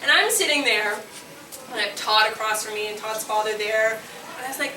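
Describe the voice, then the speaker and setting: Woman, late 20s, from Nova Scotia, loud comic storyteller with a slightly high voice; live stage recording, roomy and noisy. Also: normal speed, far from the mic. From Nova Scotia, Canada. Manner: animated, brash, laughs at her own lines, yells punchlines. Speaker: solo comedy performer.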